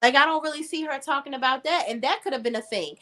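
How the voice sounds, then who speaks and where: A woman's voice: high-pitched, fast, pushed and bright. A woman co-hosting a casual gossip chat, emphatic and sassy, tossing in "okay?" and "honey" often. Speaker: podcast co-host.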